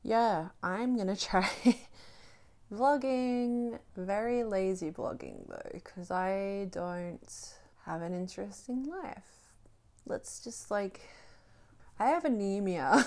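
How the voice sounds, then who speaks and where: A woman's voice: mid-range voice, very animated, slow, a little mellow. A woman talking in a rambling, wry and self-mocking way in a casual phone vlog, out of breath. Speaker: vlogger.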